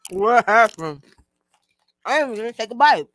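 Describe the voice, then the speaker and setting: Chatty woman streamer, bright tone, laughs a lot, dry close sound. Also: a little high, no echo. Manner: chatty, laughs often, talks to chat. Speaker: livestream host. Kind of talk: casual livestream chat.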